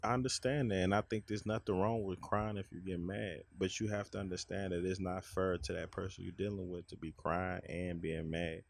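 A man's voice: low voice, little pitch movement, a little fast, creaky, hardly any pauses. A man, sharing his opinions frankly in a casual conversation. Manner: frank, opinionated, explains his view at length.

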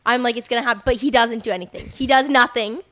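Young female co-host, fairly high-pitched, casual and giggly. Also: steady tone, fast, sharp tone. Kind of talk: casual chat.

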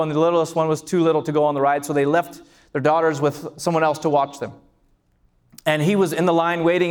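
A man preaching a sermon as pastor, passionate and building to shouts on key lines. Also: a little high. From California.

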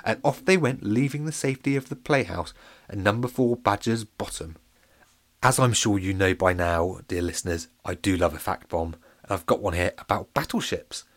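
A man's voice: on the low side, normal speed. A man narrating a children's audiobook, with playful asides to his listeners. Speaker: storyteller.

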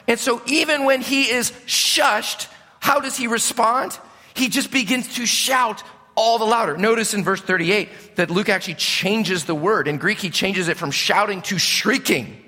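A middle-aged male pastor preaching a sermon in an animated, conversational way, asking his congregation questions. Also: high-pitched. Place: church sanctuary. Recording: long hall reverb.

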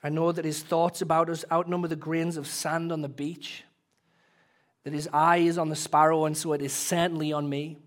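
A man preaching a sermon as pastor, earnest and emotional, swelling louder and then dropping soft, ending in prayer. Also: fairly high pitch, little pitch movement, moderate pace.

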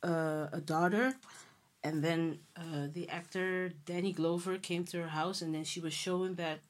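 A woman co-hosting a casual chat, telling stories in an animated, emphatic way. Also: on the low side, normal speed. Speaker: co-host.

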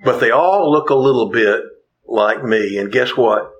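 A man's voice: medium pitch, unhurried, muffled recording. A male pastor preaching a sermon in an earnest way, repeating key phrases for emphasis and slipping in folksy humorous asides.

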